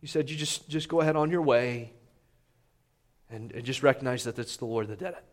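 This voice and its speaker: A man's voice: mid-range voice, a little fast. A man preaching a sermon, retelling a scripture story conversationally, with frequent restarts and acted-out dialogue. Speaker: pastor. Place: church sanctuary.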